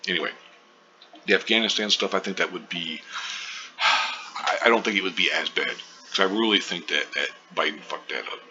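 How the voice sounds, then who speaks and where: Very deep-voiced man ranting, profane. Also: moderate pace. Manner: profane, rambling, many fillers. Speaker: online commentary host. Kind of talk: rambling casual commentary. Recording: dull lo-fi with faint hiss.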